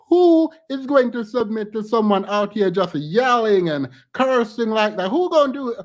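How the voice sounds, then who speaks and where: A woman's voice: medium pitch, darkish tone. Outspoken woman in casual reaction commentary. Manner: outspoken, laughs often between remarks.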